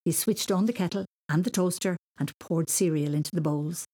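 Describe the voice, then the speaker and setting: A woman reading a children's story aloud in a gentle storytelling manner. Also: fairly low pitch, normal speed.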